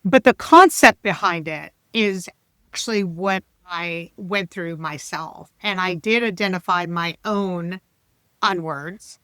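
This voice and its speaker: A leadership coach in her fifties guests on a podcast, chatting animatedly with laughs and restarts in a casual interview. Her voice is lowish, slow, clear, and resonant, with no echo.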